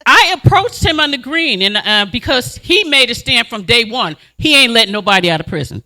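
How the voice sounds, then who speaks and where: A woman community advocate giving an impassioned speech at a community meeting, telling stories in an animated, emphatic and blunt way. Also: a little high, a little fast.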